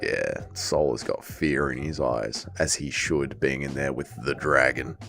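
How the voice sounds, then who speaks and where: A young Welsh man hosting a casual livestream watch-along, chatting excitedly with his viewers and calling the action. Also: rumbling low, unhurried, gravelly, faint music behind. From Wales. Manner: excitable, chatty, reads chat aloud. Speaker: livestream host.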